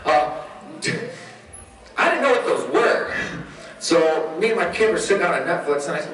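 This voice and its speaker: A man in his thirties telling comedic stories on a convention panel, animated and laughing often, swearing freely. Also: fairly high pitch, moderate pace, pauses often, slight background noise. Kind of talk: casual comedic storytelling. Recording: echoey room from far off.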